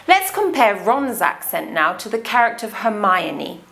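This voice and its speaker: A British woman explaining English accents as a teacher, talking carefully and deliberately. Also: mid-range voice, sing-song, creaky, a bit bright, faint music behind. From Britain.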